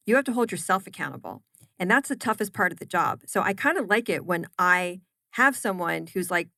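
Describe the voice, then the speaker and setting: A woman's voice: mid-range voice, creaky, dry recording. A woman, a chef and business owner, telling stories in a casual podcast interview with emphatic repetitions. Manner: animated storyteller, emphatic repetitions.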